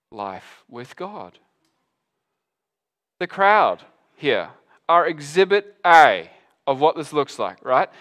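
A man preaching a sermon, animated and conversational, acting out both sides of a Bible passage in quick voices. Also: a little high. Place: church hall with an audience.

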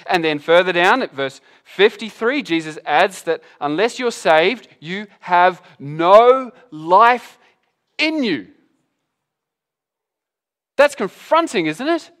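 A man preaching a sermon, animated and conversational, acting out both sides of a Bible passage in quick voices. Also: sits high. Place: church hall with an audience.

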